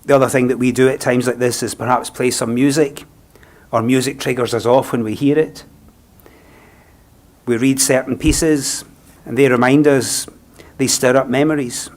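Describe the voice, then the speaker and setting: A man with a Scottish accent, a funeral celebrant speaking a eulogy in a gentle, reflective, unhurried way. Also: medium pitch, steady tone.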